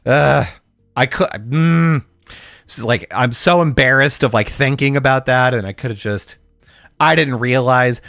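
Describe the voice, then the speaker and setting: A man in his thirties telling a story on a casual podcast, rambling with many fillers and swearing, breaking into loud outbursts. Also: mid-range voice, lively intonation, slow pace, vocal fry, long pauses, no room sound, clean studio sound, soft background music. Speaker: podcast co-host.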